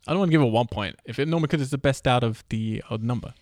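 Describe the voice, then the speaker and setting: A man's voice: mid-range voice, racing, a little mellow, no room sound. Man, podcast host, quizmaster, teasing, casual swearing, dry close sound.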